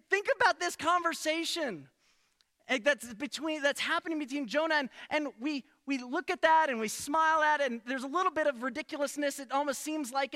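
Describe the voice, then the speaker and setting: Male pastor, animated preacher, very high and bright, long church-hall reverb. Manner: animated, rhetorical questions, frequent restarts. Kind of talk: sermon. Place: church sanctuary.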